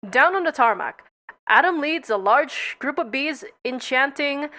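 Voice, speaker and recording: Young woman, playful script read-aloud, high pitch, bright tone, lively delivery. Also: unhurried. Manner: playful, stumbles over words and laughs at herself. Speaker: script reader.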